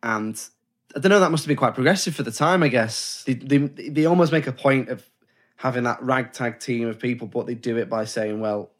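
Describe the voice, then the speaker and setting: A man's voice: mid-range voice, fairly quick. A man co-hosting a casual film discussion podcast, rambling and self-correcting, often acting out quoted lines. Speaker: podcast co-host.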